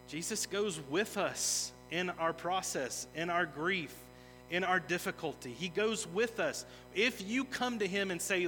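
A pastor with a high-pitched, sharp voice preaches at a measured pace, earnest and emphatic, building intensity in places. The recording has the long reverb of a large hall, with music.

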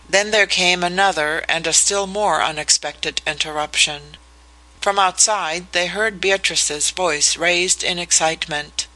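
An audiobook narrator reading a novel in a measured, even way. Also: medium pitch, low-quality recording. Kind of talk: scripted narration.

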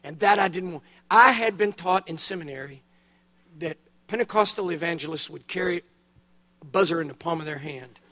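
Older male preacher with a fairly high voice who tells his story with big animated swings, bursting loud on the excited parts and dropping low and hushed on the solemn ones. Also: moderate pace. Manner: drops to a hushed, low delivery on solemn points. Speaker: guest preacher. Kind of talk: sermon. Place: church conference hall.

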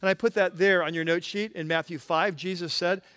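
Pastor guy preaching, kinda high voice, chatty, restarts a lot. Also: steady tone, brisk, sharp tone. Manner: conversational preaching, frequent restarts. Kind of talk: sermon.

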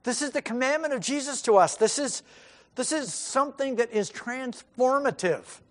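A man's voice: very high-pitched, moderate pace. A man preaching a sermon, driving home his points with emphatic rhetorical questions. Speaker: pastor.

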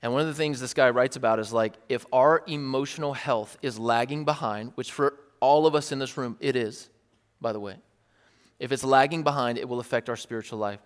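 A man preaching a sermon in a church hall, talking casually and earnestly with animated, wry asides. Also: mid-range voice, fairly quick, smooth. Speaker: pastor. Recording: long hall reverb.

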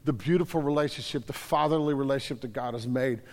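A man preaching a sermon, reading scripture aloud and then retelling it in a conversational, animated way. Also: mid-range voice, quick pace. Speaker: pastor. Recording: hall reverb.

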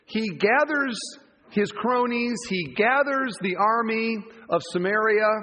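A pastor preaching in a big church hall, his husky voice trailing off into long reverb. He speaks in a fairly high register and tells the story with animated, vivid asides that keep the congregation along with him. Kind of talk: sermon. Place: church campus auditorium.

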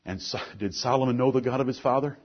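A middle-aged man preaching a sermon, earnest, moving between soft asides and forceful lines. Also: medium pitch, quick pace, slightly rough, highs cut off.

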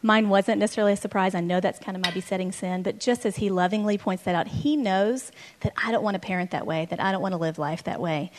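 A middle-aged woman with a mid-range voice, co-teaching couples about marriage. She speaks earnestly and gently, in plain conversation. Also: medium pitch, fast talker, few pauses.

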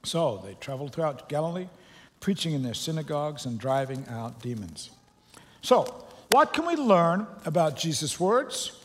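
Pastor preaching in an echoing hall. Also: male voice, fairly high pitch, sing-song, normal speed, a little hiss or hum. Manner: conversational and joking, with loose restarts. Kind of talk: sermon. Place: church sanctuary.

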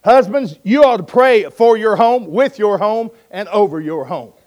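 High-voiced preacher man. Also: expressive, measured pace, darkish tone. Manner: emphatic, folksy storytelling with jokes. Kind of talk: sermon.

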